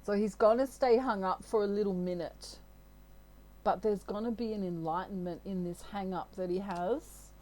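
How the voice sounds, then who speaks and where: A woman's voice: medium pitch, normal speed, a little mellow, slight background noise, rough recording. A woman with an Australian accent, talking through a tarot reading in a casual, rambling way. She is chatty and giggly, with a mid-range voice. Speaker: tarot reader.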